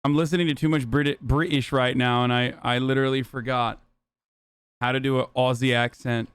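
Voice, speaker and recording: A man's voice: medium pitch, flat delivery, fairly quick, fairly bright tone, clean tone, no echo. A young man hosting a livestream, reacting to videos in loose, profane, joking chat. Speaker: streamer host. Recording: dry close mic.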